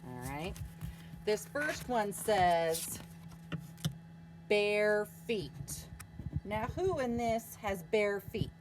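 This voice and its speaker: Woman teacher, story-time read-aloud, lively melody, slow. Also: mid-range voice, noisy background. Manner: expressive, asks children questions. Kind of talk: reading a picture book aloud to children.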